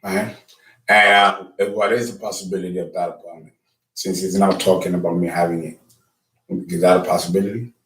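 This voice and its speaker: Brief: deepish man, loose rambling talk, lots of ums and restarts, astrologer host. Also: little pitch movement, brisk, fairly bright tone, rough recording. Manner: rambling, with many fillers and restarts. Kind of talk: casual lecture and phone call.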